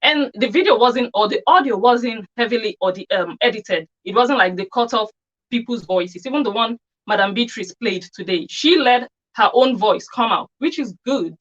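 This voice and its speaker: A woman's voice: fairly high pitch, normal speed, highs cut off. A woman giving an opinionated commentary monologue on her channel, scornful and full of rhetorical questions. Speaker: commentary vlogger.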